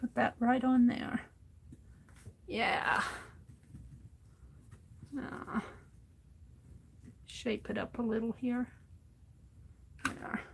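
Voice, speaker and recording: A woman's voice: on the high side, fairly even intonation, very slow, creaky, long pauses, a little hiss or hum. A woman livestreaming as she crafts at her desk, chatting casually and thinking aloud to herself as she works. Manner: talks to herself while working, thinking aloud. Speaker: crafting streamer.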